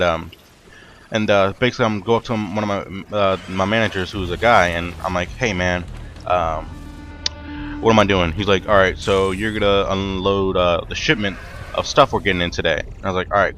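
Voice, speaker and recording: A man's voice: low-pitched, fairly bright tone. A young man tells a rambling, profane story from work while commentating a video game, full of fillers and restarts. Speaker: gaming commentator. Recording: faint ambient noise.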